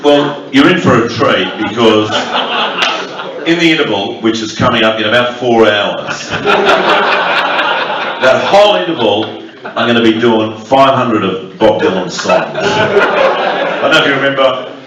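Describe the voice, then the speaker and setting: A man's voice: fairly low pitch, lively intonation, unhurried, pauses often. A man doing crude, provocative stand-up comedy, teasing the audience in a large club room. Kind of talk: live stand-up with crowd work. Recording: echoey club, distant mic, muffled, noisy.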